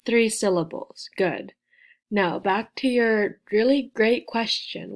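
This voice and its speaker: A woman leads a beginner English lesson at a deliberately unhurried pace. She spells words letter by letter and repeats them with careful, exaggerated clarity, in a voice of ordinary middle pitch. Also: slight background noise. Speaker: English teacher.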